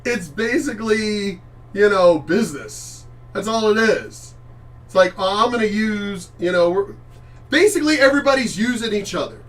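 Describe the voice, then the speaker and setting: A middle-aged man gives casual reaction commentary in a high voice, blunt and full of swearing. He rambles and restarts his sentences. He sits some distance from the mic. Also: animated, normal speed, a bit bright. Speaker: channel host reacting to clips.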